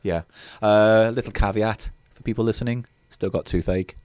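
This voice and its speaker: A man's voice: on the low side, moderate pace, a little mellow, dry recording, studio quality. A man co-hosting a comedy podcast, teasing his partner in a grumpy, sweary way. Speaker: podcast co-host. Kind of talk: casual comedy podcast banter. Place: small recording pod.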